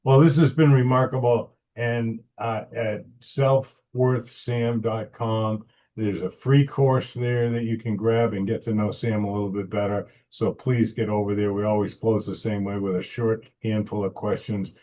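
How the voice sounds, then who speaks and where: Upbeat low-voiced male host. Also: little pitch movement, dark tone. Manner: affirming, upbeat, prompts with quick questions. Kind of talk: interview hosting.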